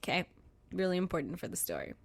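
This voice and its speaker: A woman's voice: lowish voice, big pitch swings, fast, gravelly. A woman co-hosting a casual podcast who jumps in and finishes her partner's sentences. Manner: chimes in, finishes the co-host's sentences. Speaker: podcast co-host. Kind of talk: casual chat.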